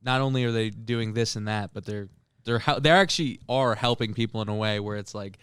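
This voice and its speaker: Young man, podcast co-host, rapid casual storytelling, smooth clear voice, dry close sound. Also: on the low side, dry recording. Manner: fast, animated storytelling with filler words and swearing. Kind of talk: casual chat among friends.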